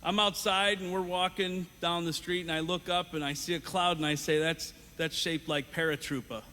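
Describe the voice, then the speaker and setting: A man's voice: a little high, fairly even intonation, moderate pace, sharp tone. A man hosting a teaching game on a conference stage, upbeat, casual and encouraging. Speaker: game host. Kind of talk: live teaching demo. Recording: reverberant hall, faint noise.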